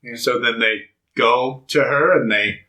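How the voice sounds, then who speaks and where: A young man co-hosting a podcast, casually recapping a movie's plot and acting out the characters' lines in loud, high voices. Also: a little slow. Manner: animated storytelling, jumps into loud high voices for quotes. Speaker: podcast co-host. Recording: echoey room.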